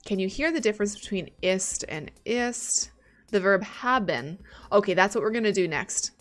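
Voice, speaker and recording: A woman's voice: medium pitch, animated, moderate pace. A woman streaming live as she studies German, chatting casually and thinking aloud, swearing now and then when she gets stuck.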